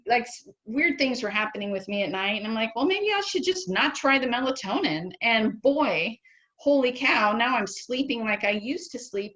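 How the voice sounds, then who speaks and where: A woman guest telling her own story in a casual interview, lively and enthusiastic, with many "um"s. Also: on the high side. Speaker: patient guest. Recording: slightly dull lo-fi audio.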